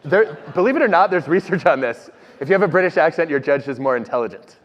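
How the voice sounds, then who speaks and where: A man, an organizational psychologist, telling stories on stage in an animated, self-deprecating way. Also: fairly high pitch, fast talker. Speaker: organizational psychologist guest speaker. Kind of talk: conversational talk on stage. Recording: dull audio with long hall reverb.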